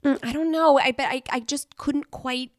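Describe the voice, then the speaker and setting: A woman's voice: high-pitched, steady tone, moderate pace, dry recording, studio quality. A woman in her thirties co-hosting a chat podcast, rambling and giggly as she tells stories and reads old diary entries aloud. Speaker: podcast co-host.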